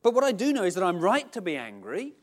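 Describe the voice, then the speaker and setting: A middle-aged man preaching a sermon in a conversational, self-mocking, animated way. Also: sits high, fast talker. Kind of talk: sermon with Bible reading.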